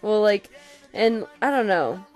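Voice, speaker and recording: A woman's voice: medium pitch, lively intonation, unhurried, a little mellow, faint music behind. A young woman from Colorado, chatting loosely on a podcast, rambling and swearing freely. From Colorado, USA. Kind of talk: casual chat.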